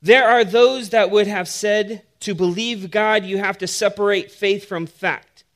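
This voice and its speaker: A man's voice: sits high, fairly even intonation, a little slow, a bit bright. A man preaching a sermon in a conversational, humorous way that builds to emphatic points.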